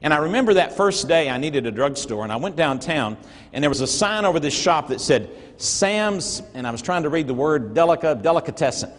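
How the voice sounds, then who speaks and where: Guy, middle-aged, folksy keynote storyteller, kinda high voice, big echoey hall. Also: lively intonation, fast. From North Georgia, USA. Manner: earnest, folksy storyteller with emphatic swings in loudness. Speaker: motivational speaker. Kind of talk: storytelling keynote speech to a live audience.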